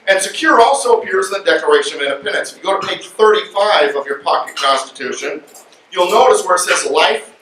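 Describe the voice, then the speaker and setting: A man speaking to an audience at a luncheon, animated and joking as he lectures. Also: high voice. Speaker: guest speaker. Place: luncheon event room. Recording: echoey room from far off, faint noise.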